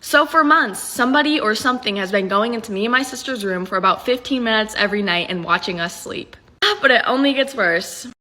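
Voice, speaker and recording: A woman's voice: on the high side, a little fast, pushed and bright. A woman telling a casual storytime in an earnest, dramatic way.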